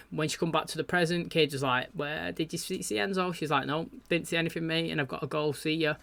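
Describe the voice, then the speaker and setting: A man gives a loose, chatty recap of a TV episode, full of fillers and asides. His voice sits a little high. The sound is dry and close, with no room echo. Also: steady tone, quick pace, creaky, few pauses, pushed and bright. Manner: rambling, chatty, loose paraphrasing with frequent fillers. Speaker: TV reaction channel host.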